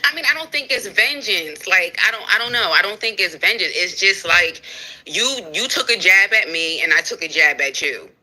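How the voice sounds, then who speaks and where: Candid woman with a bright voice. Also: mid-range voice, normal speed, poor audio. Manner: candid, animated, repeats herself. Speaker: livestream co-host. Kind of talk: casual livestream conversation.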